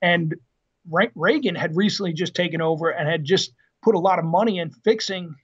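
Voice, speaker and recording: Man in his fifties, high voice, casual storyteller, dull lo-fi audio. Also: fairly quick, husky. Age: 50s. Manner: lively anecdotal storyteller, frequent fillers and laughs. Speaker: podcast guest, retired Marine officer.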